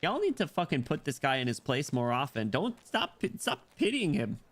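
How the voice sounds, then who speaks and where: A man streaming a visual novel on a headset mic, reacting loudly and excitably. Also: fairly high pitch, normal speed. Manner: excitable, loud reactive outbursts, swearing. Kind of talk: casual game stream commentary.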